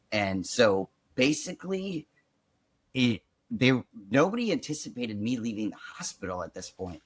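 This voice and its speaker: A man's voice: medium pitch, a little slow, no room sound. A young man from Chicago, a podcast guest telling his own story in a casual, chatty way full of "like". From Chicago, USA. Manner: chatty, peppered with "like", animated retelling.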